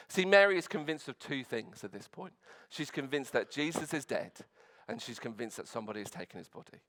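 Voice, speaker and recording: A man's voice: on the high side, animated, normal speed, a bit bright. A male pastor preaching a sermon in church, retelling a scripture story earnestly with frequent restarts and fillers.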